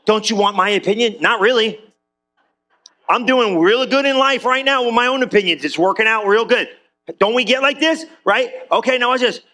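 A man's voice: very high-pitched, bright, forceful tone. A man preaching a sermon in a church, casual and joking with the congregation. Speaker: pastor.

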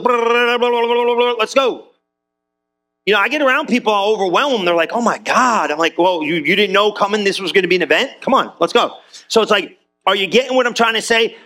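A man preaching an energetic, conversational sermon in a church, full of quick asides to the congregation. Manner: energetic, conversational, high-spirited with frequent asides. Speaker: pastor.

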